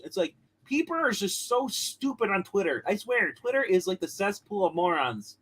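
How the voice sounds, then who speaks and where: A man's voice: high voice, expressive, moderate pace, fairly bright tone, poor audio. A man co-hosting a casual TV review show, rambling with many restarts and rants. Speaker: co-host of a show reviewing comics and TV.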